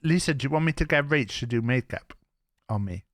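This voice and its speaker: A man streaming live, chatting casually to his viewers, rambling and swearing with sudden excited outbursts. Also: medium pitch, a little fast, no echo.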